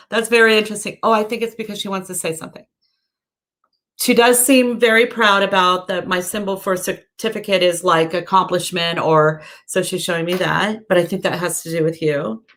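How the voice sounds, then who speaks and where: This woman's fairly low, slightly bright voice belongs to a psychic medium doing readings for live-stream viewers. She reads their comments aloud and talks chattily, searching for words with many fillers and self-corrections.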